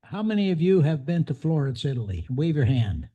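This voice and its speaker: A man with a mellow voice speaks jovially to the room from away from the mic. The sound is dull and muffled. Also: on the high side, big pitch swings, fairly quick, breathy edge. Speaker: club member. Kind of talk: casual anecdote at a meeting.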